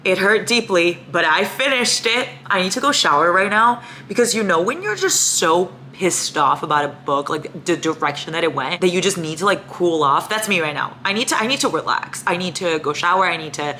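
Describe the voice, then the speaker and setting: A young woman vlogging about her reading, chatty and animated, swearing freely as she rants. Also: lowish voice, fairly quick, few pauses, a little hiss or hum. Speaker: book vlogger. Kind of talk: casual reading vlog chat.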